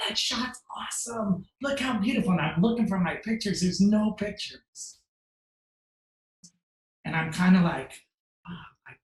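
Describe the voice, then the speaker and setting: Speaking in a slightly high voice, a man from the US animatedly recounts a lengthy personal story, performing what others said and hushing his voice for his private thoughts. He talks quickly and emotionally, peppered with "like." The audio is poor and the room echoes.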